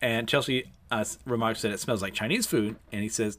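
A man's voice: fairly low pitch, a little fast, a bit bright. A man with a lisp giving a chatty, casual recap of an anime episode, reading out the characters' lines and laughing at himself. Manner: chatty, self-deprecating, laughs between lines.

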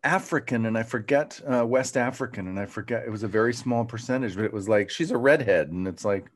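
A man's voice: mid-range voice, fast talker. A middle-aged man co-hosting a podcast in casual, playful chat. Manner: playful, reads a limerick in a put-on lilt. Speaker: podcast co-host.

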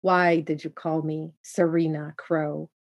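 Woman putting on a sly old crossroads spirit guy, slow and teasing, kinda low flat voice. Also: gravelly, full character voice. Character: mysterious male crossroads spirit, sly and wise.

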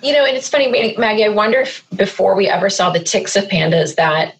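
A woman in her thirties, a mother, telling her family's story in an interview, animated and emotional. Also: medium pitch, fast talker, rough recording. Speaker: guest, mother.

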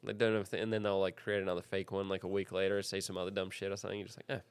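A man in casual podcast chat, telling stories quickly and animatedly, swearing freely. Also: deep voice, smooth, no echo. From Australia. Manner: fast, profane, animated storytelling. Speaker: podcast guest, skateboarder.

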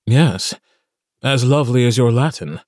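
A man's voice: medium pitch, animated, unhurried, darkish tone, dry recording, studio quality. A man voicing a wary young nobleman's son who speaks formally and guardedly in an audiobook.

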